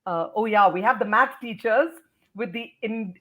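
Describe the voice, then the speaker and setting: A woman's voice: a little high, normal speed, bright, forceful tone. A woman with an Indian English accent, a guest educator explaining pronunciation in an interview, emphatic and teacherly.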